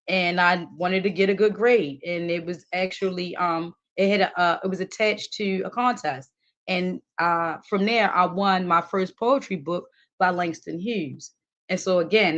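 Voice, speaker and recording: Woman, guest poet, thoughtful, halting, muffled lo-fi sound. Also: medium pitch, a bit bright. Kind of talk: casual interview talk.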